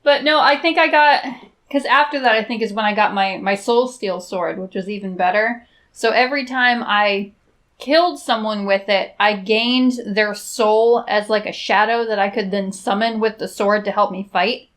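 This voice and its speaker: A woman co-hosting a podcast in casual chat, animated and swearing freely. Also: mid-range voice, moderate pace. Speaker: podcast co-host.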